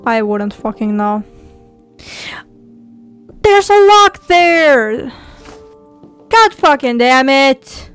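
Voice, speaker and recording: A woman's voice: high voice, very slow, pauses often, soft background music. A woman playing a game and commenting casually, swearing and talking to herself. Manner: profane, excitable, talks to herself. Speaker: gamer.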